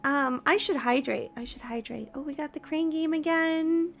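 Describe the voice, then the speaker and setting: A woman's voice: high voice, moderate pace, gravelly. A young woman streaming from home, chatting casually with her viewers, gushing and giggly as she greets them. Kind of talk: casual live-stream chat.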